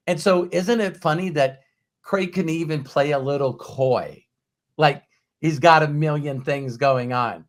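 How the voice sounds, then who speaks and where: A middle-aged man hosts a motivational show in a loose, storytelling way. He acts out what other people said and drops the odd swear word, his pitch ranging widely as he goes. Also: unhurried. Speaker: host. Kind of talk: motivational talk.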